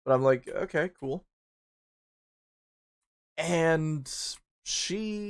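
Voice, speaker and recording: A young man streaming a game, rambling through a personal story in casual chat, swearing freely and jumping into high squeaky bursts when he acts out panic. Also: lively intonation, extremely slow, long pauses, smooth. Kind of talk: casual storytelling while gaming.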